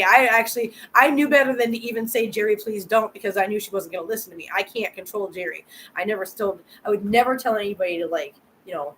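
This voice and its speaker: A woman's voice: mid-range voice, a bit bright, slight background noise, rough recording. A woman hosting a live chat with viewers. She talks chattily, repeats words and answers comments directly. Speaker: channel host.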